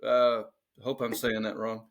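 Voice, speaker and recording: A man's voice: fairly low pitch, monotone, measured pace. A man co-hosting a podcast in casual chat, joking crudely as he reads out a song list. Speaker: podcast co-host.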